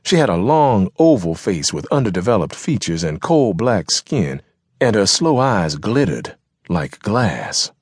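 A man narrating a crime novel audiobook in a dramatic, expressive style, recorded close in a studio. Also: fairly low pitch, a little slow, slightly rough, no echo. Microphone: close studio mic.

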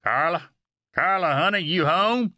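A male narrator voicing a jealous, hot-tempered sheriff who calls out loudly through a house. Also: sits high, expressive, measured pace, dry recording, clean studio sound, voice pushed up, full character voice. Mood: calling. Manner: calling out, then roaring.

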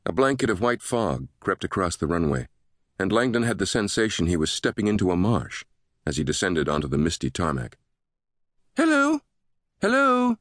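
A man narrating a thriller audiobook in a steady, measured way. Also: low voice, no room sound, studio quality.

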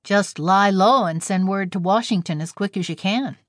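A woman's voice: mid-range voice, moderate pace, dry recording, studio quality, lightly acted. A woman reading the part of a kindly young male railroad engineer, cheerful and slangy. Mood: breezy.

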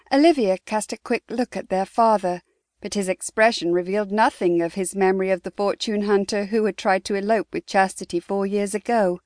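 A woman narrating a historical romance audiobook in a smooth, even storytelling manner. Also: mid-range voice, brisk, dry recording, clean studio sound. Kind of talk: scripted narration.

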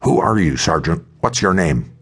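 A man's voice: sits low, expressive, normal speed, a bit bright, husky, heavily acted. A man voicing a haughty, rattled male French colonel who snaps and sneers, in an audiobook. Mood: sneering. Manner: snapping, sneering.

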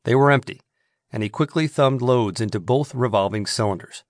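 A male audiobook narrator reading a western novel in a steady, measured way. His voice sits at an ordinary male pitch, recorded close on a studio mic with a dry, dead sound. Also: no room sound.

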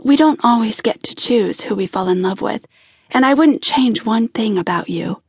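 A woman's voice: fairly high pitch, lively intonation, moderate pace, darkish tone, breathy edge, dry recording, clean studio sound. A woman playing tearful young woman Maggie. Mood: tender. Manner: tearful, pleading, breathless. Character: grown woman Maggie, frantic then tender.

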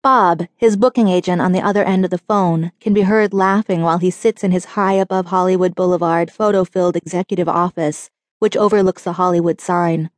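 A woman narrating a short story audiobook in an even, descriptive storytelling manner. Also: on the low side, a little fast, few pauses, no echo. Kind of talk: scripted narration.

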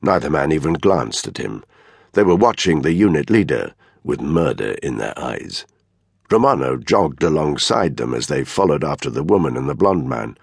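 A man reading a thriller audiobook in measured scripted narration. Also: very deep voice, big pitch swings, vocal fry, breathy edge, dry recording. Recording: dry close studio mic.

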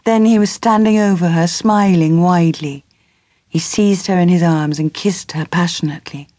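A woman reading a novel aloud as an audiobook narrator in measured storytelling. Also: on the low side, warm tone, dry recording, studio quality. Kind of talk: scripted narration.

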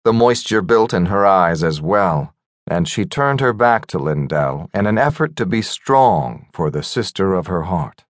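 A man narrating a fantasy audiobook in a measured, gentle storytelling manner. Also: sits low, lively intonation, no echo, studio quality. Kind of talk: scripted narration.

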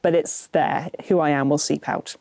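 A woman's voice: low voice, fairly even intonation, normal speed, vocal fry, a little mellow, dry recording. A woman novelist, chatting in an interview with dry, self-mocking humour. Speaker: novelist guest. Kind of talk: casual interview chat.

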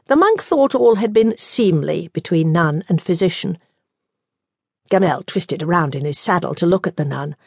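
A woman with a lowish voice narrates an audiobook from a script, telling the story in a measured, even way. The recording has studio quality with no room sound.

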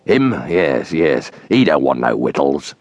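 A hungry, wary convict speaks low and gruff, as a man puts him on in a storybook reading. The voice sits deep and rough, swinging lively between mutters and barks. The sound is close and dry. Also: measured pace, no room sound, heavily acted.

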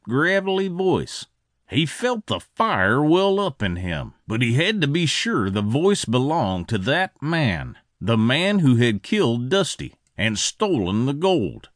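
A man narrating a western audiobook in an expressive, scripted storytelling style. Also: on the high side, dry recording, clean studio sound.

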